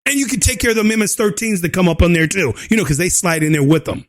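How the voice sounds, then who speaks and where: Man, very high voice, mocking rant, loud, laughing, channel host. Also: animated, quick pace. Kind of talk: opinion rant.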